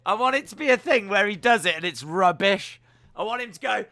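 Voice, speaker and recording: Lively man reacting to wrestling. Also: high voice, a little fast, vocal fry. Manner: excitable, jokey, lets out sudden loud yells. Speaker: wrestling watch-along streamer. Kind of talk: live reaction commentary.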